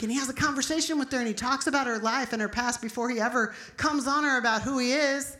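A woman's voice: a little high, a little fast, a bit bright, reverberant. A middle-aged woman pastor preaching an emphatic, storytelling sermon.

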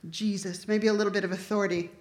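Woman preacher, kinda high voice, fired up sermon, roomy echo. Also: moderate pace. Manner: impassioned, rising to forceful declarations.

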